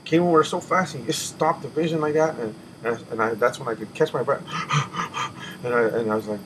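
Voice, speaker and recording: A man giving an emotional personal testimony, halting and restarting often, with sighs as he catches his breath. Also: mid-range voice, fairly bright tone, poor audio. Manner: halting, with many restarts and repeated words. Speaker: person telling a spiritual testimony. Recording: audible background noise.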